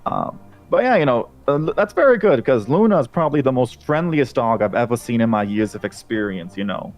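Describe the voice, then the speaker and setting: A man's voice: medium pitch, very animated, a little fast, soft background music. A man voicing a cheerful, chatty canine police officer in a tabletop game. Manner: bubbly, chatty, upbeat.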